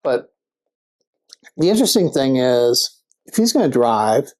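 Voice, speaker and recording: Woman, low pitch, mellow tone, casual TV episode review, rambling, speculative. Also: big pitch swings, measured pace. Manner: rambling, speculative, with fillers and restarts. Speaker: TV show reviewer.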